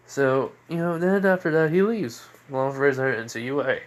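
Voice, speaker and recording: Young male storyteller, rambling casual retelling, mid-pitched voice. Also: lively intonation, a little fast. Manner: rambling, full of fillers and restarts. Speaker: fan storyteller.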